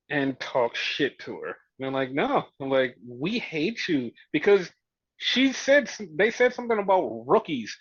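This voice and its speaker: A man's voice: mid-range voice, dry recording. A man hosting a casual wrestling recap, retelling scenes with quoted voices and plenty of swearing. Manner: profane, animated retelling with mimicked quotes. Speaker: podcast host. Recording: dull, dry lo-fi audio.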